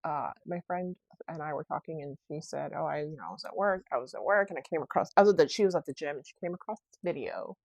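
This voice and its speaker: A woman's voice: deep voice, fast, darkish tone, husky, no echo. A woman hosting her own podcast, talking through her week in a rambling, reflective way and often correcting herself mid-sentence. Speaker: podcast host. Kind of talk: casual solo podcast monologue.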